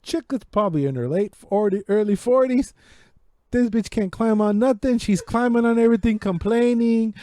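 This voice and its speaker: A man co-hosting a podcast, telling a story in casual, profanity-heavy chat that keeps building in excitement. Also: high voice, normal speed, no room sound, studio quality. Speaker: podcast co-host. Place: home podcast setup.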